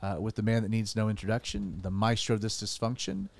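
A man's voice: on the low side, little pitch movement, fast talker. A man, a pastor hosting a casual studio podcast, joking and rambling with restarts.

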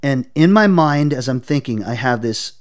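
A man telling a personal testimony in an interview, earnest and intense, often halting and repeating words as he searches for them. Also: mid-range voice, expressive. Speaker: interview guest.

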